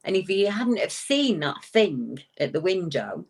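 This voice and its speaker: A woman, a guest telling a paranormal story in a lively, emphatic way with frequent restarts. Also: fairly low pitch, a little slow, slightly rough. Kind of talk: animated storytelling in an interview.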